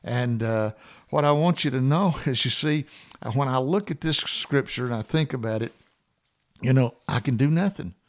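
Guy preaching a bible talk, mid pitch, lots of uh's, slows right down and leans in on the verses. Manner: earnest, repeats key verses slowly and with rising emphasis; frequent "uh" fillers and restarts, warm conversational delivery. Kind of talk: conversational Bible teaching.

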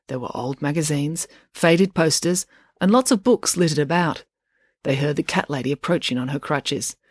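A woman, a children's author, calmly reading her own book aloud as a bedtime story. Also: low-pitched, dry recording, studio quality.

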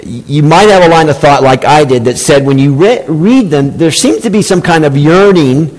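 A man preaches a Sunday sermon in a slightly high voice, hammering home key phrases by repeating them. He slips now and then into mock-sweet sarcasm. His voice rings out with a long reverb, as in a large church sanctuary. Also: expressive, moderate pace, a little mellow. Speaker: pastor.

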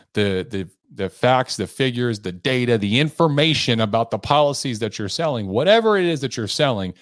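A man's voice: on the low side, no echo, studio quality. A man hosting a sales coaching podcast, talking earnestly and with emphasis. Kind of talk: motivational podcast monologue.

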